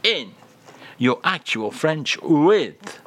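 A man's voice: fairly high pitch, very animated, very slow, a bit bright. A man hosting a comedy radio show, talking in a theatrical, mock-grand way with swooping emphasis. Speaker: radio host. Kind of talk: comic radio chat.

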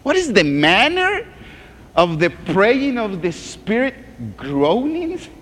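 A man preaching as a pastor, reading scripture slowly and dropping to a hushed groan in prayer. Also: high-pitched, wildly swooping pitch, big-room sound. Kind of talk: sermon.

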